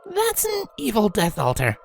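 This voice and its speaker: A man's voice: high-pitched, wildly swooping pitch, moderate pace, creaky, soft background music, voice pushed up, full character voice. A man voicing a nervous young male pony who speaks in a trembling, panicky way. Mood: uneasy.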